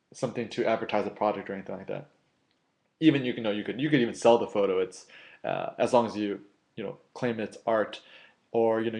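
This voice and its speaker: A young man, a street photography blogger, casually telling a story to his viewers and filling his talk with "you know" and "like". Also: mid-range voice. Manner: chatty, filler-heavy, animated when quoting others.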